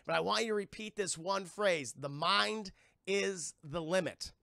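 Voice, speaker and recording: A man voicing a cold, scheming male mad-scientist doctor who gives smug, businesslike instructions in a bright, gravelly, high voice. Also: a little slow, no room sound, clean studio sound, heavily acted.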